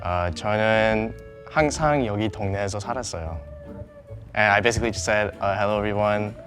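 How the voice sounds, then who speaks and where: A man's voice: fairly low pitch, rapid-fire, fairly bright tone, faint music behind. A man from Southern California, chatting playfully in a casual group discussion. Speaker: panel participant.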